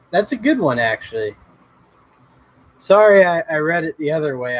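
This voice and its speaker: A man's voice: a little high, sing-song, normal speed, pauses often, low-quality recording. A man hosting a casual livestream, chatting in a laid-back, rambling way and greeting viewers by name. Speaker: livestream host. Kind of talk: casual livestream chat reading comments.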